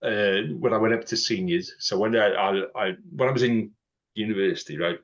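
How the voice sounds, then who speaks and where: A man's voice: lowish voice, fairly quick. Man telling stories, lo-fi sound. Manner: lively storyteller, peppers talk with "right?" and "you know". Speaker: podcast host. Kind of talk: casual podcast chat. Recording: dull lo-fi audio.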